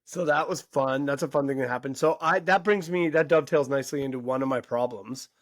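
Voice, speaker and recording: A man's voice: mid-range voice, fast talker, no echo. A man in his forties, a podcast co-host, telling a story in casual chat and acting out the quoted voices. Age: 40s.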